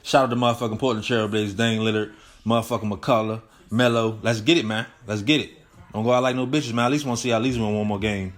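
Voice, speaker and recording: A young man hosting his own show rants in casual solo commentary, heated, profane, rambling and packed with slang. His voice sits on the low side with fairly even intonation, and he talks fast.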